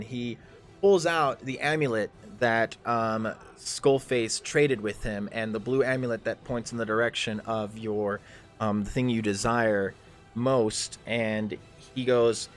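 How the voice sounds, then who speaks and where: A man narrating a tabletop game as game master, talking casually with many fillers and swearing. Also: mid-range voice.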